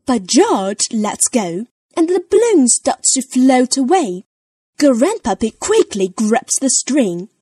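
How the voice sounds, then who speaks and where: Slow expressive woman reading a children's book. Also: sits high, no echo, studio quality. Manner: clear, expressive storytelling. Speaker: storybook reader.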